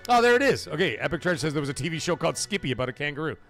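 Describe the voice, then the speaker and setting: A man hosting a gaming livestream from home talks in loose, profane banter with his chat. His voice is fairly high for a man and swings widely in pitch. Faint music plays under him. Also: sing-song, rapid-fire, a bit bright. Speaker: livestream host. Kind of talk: casual livestream chat, reading out chat.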